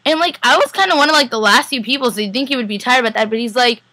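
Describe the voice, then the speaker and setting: A young woman chats to the camera, rushing through a story with eager excitement. Her voice sits a little high and sounds bright and sharp. The recording is close and dry. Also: dry recording, poor audio. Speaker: vlogger. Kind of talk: casual chat.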